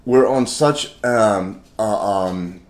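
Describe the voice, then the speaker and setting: Male co-host, lowish voice, earnest and reflective casual chat. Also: extremely slow. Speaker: marriage podcast co-host.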